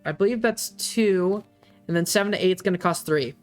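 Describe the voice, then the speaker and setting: Give me a laid-back game master walking players through a tabletop session. The voice sits at a middle pitch and pauses often on fillers, with faint music in the background. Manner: relaxed, full of fillers.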